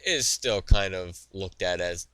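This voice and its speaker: Deep-voiced opinionated man ranting. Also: unhurried, bright, forceful tone, smooth, dry recording. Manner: opinionated, rambling with fillers and restarts. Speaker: wrestling show host. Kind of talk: solo opinion commentary. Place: studio.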